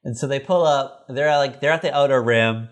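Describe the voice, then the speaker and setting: A man co-hosting a podcast, casually recapping an old sitcom episode in a rambling, profane way. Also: brisk. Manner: rambling, profane, acts out characters in high voices. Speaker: podcast co-host.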